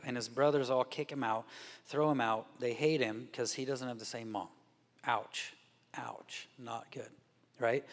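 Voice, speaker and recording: Animated male preacher in a reverberant hall. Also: mid-range voice. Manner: animated storytelling, acts out characters' voices. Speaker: guest preacher. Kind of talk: sermon. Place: church sanctuary.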